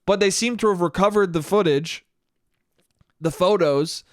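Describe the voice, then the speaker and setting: A man hosting a solo podcast, retelling a story in a casual, profane and animated way. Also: sits high, measured pace, no echo, studio quality. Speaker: podcast host.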